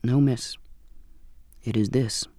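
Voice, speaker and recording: A man reading an audiobook and voicing a soft-spoken, unsettling old sailor with a slow, courtly manner. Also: medium pitch, steady tone, no echo, clean studio sound, voice pushed down. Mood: soft, coaxing. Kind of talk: audiobook character voice.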